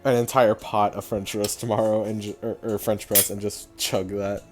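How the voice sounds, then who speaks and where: A woman chatting casually with friends in a low-key, tired way, often letting her sentences trail off. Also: little pitch movement, normal speed, over music. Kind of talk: casual chat.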